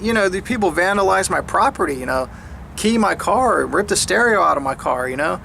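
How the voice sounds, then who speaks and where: High-voiced man with mocking laughs. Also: lively intonation, gravelly, pushed and bright, a little hiss or hum. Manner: mocking others in higher, slower put-on voices; frequent laughter and repeated restarts. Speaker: speaker sharing his views. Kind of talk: casual monologue.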